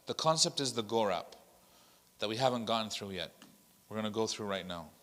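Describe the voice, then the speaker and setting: A man's voice: on the low side, lively intonation, brisk, a bit bright, long reverb tail. A man, an imam, leading a workshop, who tells stories animatedly, acts out what others said, and mixes Arabic phrases into his talk. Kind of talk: workshop teaching with told stories. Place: hall of an Islamic center.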